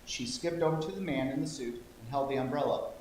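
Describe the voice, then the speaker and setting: A man's voice: medium pitch, brisk, darkish tone. A man telling an interactive story to a congregation, playful and coaxing listeners to join in. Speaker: lay speaker telling a children's story. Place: church sanctuary. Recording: echoey church hall, faint hum.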